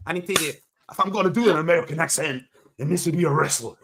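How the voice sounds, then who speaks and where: A man's voice: a little high, fast talker, gravelly, a bit bright. A man teasing and laughing often in casual banter on a live stream, over a video call. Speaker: co-host.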